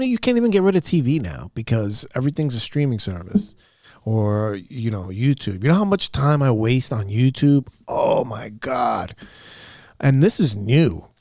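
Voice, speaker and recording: A man's voice: mid-range voice, big pitch swings, normal speed, a little mellow, no room sound, clean studio sound. A man hosting his own podcast, talking alone in a candid, rambling, self-deprecating way with lots of fillers. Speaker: podcast host. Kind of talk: casual solo podcast monologue. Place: upstairs room at home.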